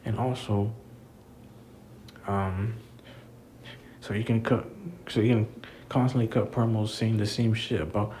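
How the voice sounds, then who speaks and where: Ranting, low-voiced man. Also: steady tone, measured pace, pauses often, dark tone, a little hiss or hum, rough recording. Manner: frustrated, rambling, swears freely. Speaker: wrestling commentator vlogger. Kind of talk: casual ranting review.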